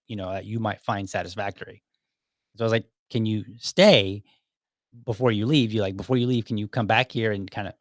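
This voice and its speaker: A man's voice: lowish voice, fairly bright tone, dry recording, studio quality. A man hosting his own podcast, casually telling a personal work story, acting out bits of dialogue and chuckling along the way. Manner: anecdotal, acts out quoted dialogue, chuckles often. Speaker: podcast host.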